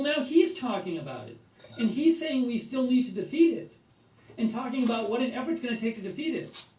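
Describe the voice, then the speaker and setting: A man with a high voice talks through political news, his tone sarcastic as he repeats the same mocking phrases. He sounds distant from the microphone. His voice rings through an echoey room over steady background noise. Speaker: political commentator. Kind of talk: reaction commentary.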